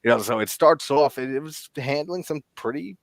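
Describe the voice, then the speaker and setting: A man's voice: mid-range voice, normal speed, gravelly, dry recording. A man hosting a casual interview, easygoing and enthusiastic, laughing along with his guest. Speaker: interview host.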